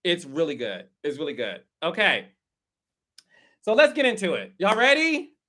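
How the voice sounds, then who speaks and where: Bright-voiced chatty man hosting a livestream. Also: on the high side, huge pitch swings, moderate pace. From Texas. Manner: chatty, greets viewers by name. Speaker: host. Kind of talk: casual livestream chat.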